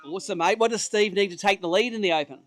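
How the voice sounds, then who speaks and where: With a high, fairly bright voice and a quick pace, an Australian man runs the weigh-in at a fishing tournament from an outdoor stage by the water. There's no room sound as he keeps up cheerful, chatty live banter with the anglers.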